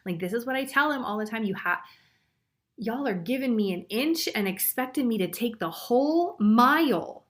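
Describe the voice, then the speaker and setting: A woman's voice: medium pitch, lively intonation, normal speed. A woman doing a live group psychic reading, blunt and chatty, swearing and laughing often. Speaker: psychic reader.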